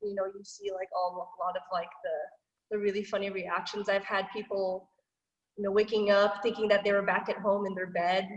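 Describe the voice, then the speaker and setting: A woman teaches grappling technique over a video call, relaxed and chatty, with lots of filler words and little acted-out quotes. She sounds distant from the microphone, and the room gives her voice a long, echoey tail. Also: mid-range voice, normal speed, highs cut off. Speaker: martial arts instructor. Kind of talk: online class instruction. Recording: roomy, echoey, far from the mic.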